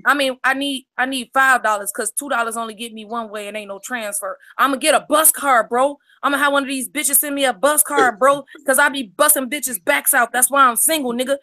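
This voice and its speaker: A woman voicing a hot-headed, broke young man who hides out at his grandma's and talks profanely, hushed through his teeth, in a comedic improv impression. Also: sits high, steady tone, a little fast, hardly any pauses. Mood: defiant.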